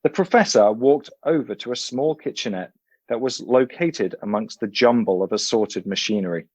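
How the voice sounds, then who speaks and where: A male author reading his book aloud, then chatting in a relaxed way as a podcast guest. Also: mid-range voice, normal speed, no echo, dull audio. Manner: relaxed and expressive, some uh fillers.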